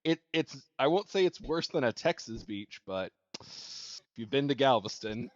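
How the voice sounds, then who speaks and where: A man from New Orleans co-hosts a podcast chat with a very lively, swinging delivery. He jokes and laughs often. The sound is dry and a little muffled. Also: mid-range voice, moderate pace, dry recording. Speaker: podcast co-host.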